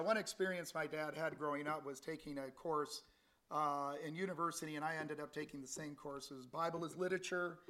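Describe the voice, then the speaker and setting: A man's voice: fairly high pitch, a bit bright. A middle-aged man preaching a conversational Bible sermon, reading scripture with animation. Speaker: lay preacher.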